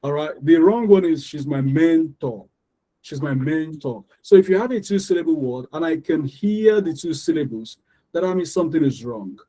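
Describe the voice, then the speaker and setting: A man teaching an English lesson on syllables and stress, explaining patiently and repeating example words slowly. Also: a little high, animated, mellow, low-quality recording. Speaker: English tutor.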